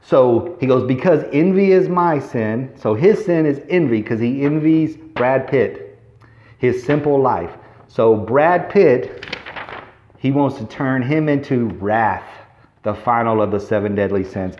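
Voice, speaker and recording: A man's voice: mid-range voice, a little slow. A man casually recapping a movie in a rambling, chatty way. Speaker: vlogger. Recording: roomy, dull lo-fi recording.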